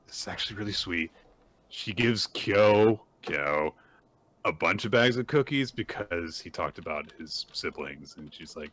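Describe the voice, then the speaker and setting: A man co-hosting a manga podcast, casually recapping chapters and acting out characters' lines with lively energy. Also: lowish voice, measured pace, dry recording.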